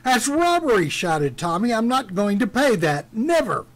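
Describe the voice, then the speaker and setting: Blustering greedy small-town guy, high pitched and pushy, a preacher putting him on. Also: sing-song, measured pace, full character voice. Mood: outraged. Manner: indignant, blustering. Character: brash greedy self-righteous man, peach grower.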